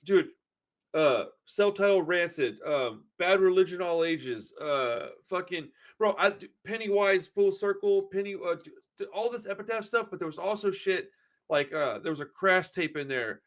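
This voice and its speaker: A man's voice: high-pitched, animated, moderate pace. A man, hosting a podcast and telling long, rambling stories in casual chat, full of cursing and "dude.". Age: 40s. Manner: rambling, profane storyteller, says dude a lot. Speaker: podcast host.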